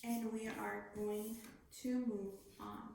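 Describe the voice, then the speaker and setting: A woman teacher giving a phonics lesson to young children, speaking slowly and enunciating clearly. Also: medium pitch, level tone, a little mellow. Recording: very echoey room, faint noise.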